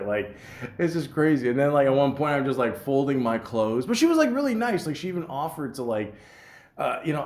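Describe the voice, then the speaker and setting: A man's voice: mid-range voice, sing-song, brisk. A man, hosting a podcast, who tells a story casually, swears freely and stammers through restarts. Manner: profane, rambling, stammers restarts. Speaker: podcast host.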